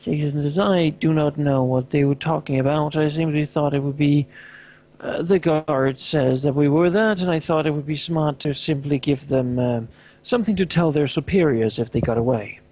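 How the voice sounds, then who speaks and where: A man's voice: a little high, normal speed, dark tone, natural voice. A man voicing tired pragmatic Laurel. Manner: tired, dry, hesitant. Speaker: tabletop player.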